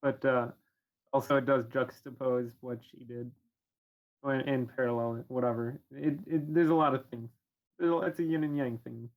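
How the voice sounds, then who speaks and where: Flat-voiced, hesitant man. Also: medium pitch, normal speed. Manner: hesitant, full of uhs and ums. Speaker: podcast co-host. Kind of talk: casual chat.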